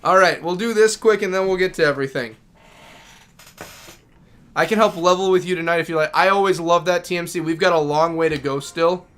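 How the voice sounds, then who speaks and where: A man's voice: a little high, a little fast, a bit bright. A man streaming a game live, chatting casually and talking affectionately to his dogs. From Minnesota.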